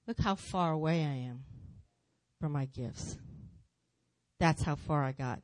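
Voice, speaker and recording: A woman speaking in church, telling her testimony as a lively story with repeated phrases. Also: deep voice, unhurried, no echo. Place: church sanctuary.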